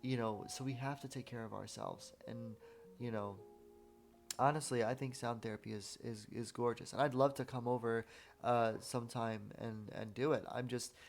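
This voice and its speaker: Gravelly-voiced guy hosting a podcast chat, guitar music under him. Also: medium pitch, fairly even intonation, moderate pace. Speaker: podcast host. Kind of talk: casual interview talk.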